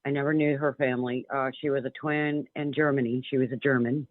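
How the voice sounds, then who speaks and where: A man's voice: medium pitch, flat delivery, fairly quick, no echo. A man calling in to a radio show, telling a long personal story in an earnest, rambling way with many restarts. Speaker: caller. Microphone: telephone. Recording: tinny phone line.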